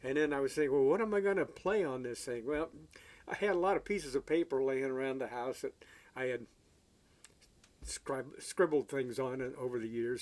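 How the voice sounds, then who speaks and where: A man telling a story in a casual, folksy way, halting often with fillers, as an amateur songwriter and guitarist. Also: medium pitch.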